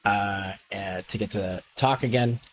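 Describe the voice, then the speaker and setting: A man's voice: lowish voice, a little slow, slight background noise. A man hosting a casual stream chat, joking and hesitant with frequent fillers. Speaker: streamer host.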